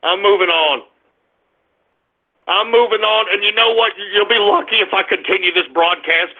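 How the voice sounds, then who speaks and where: A high-pitched, gravelly man rants on his talk radio show, swearing and snapping at trolls before launching into politics. His voice is husky and rough. The sound is thin and tinny, like a phone line. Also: normal speed, pauses often. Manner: ranting, profane, combative, shouting at trolls.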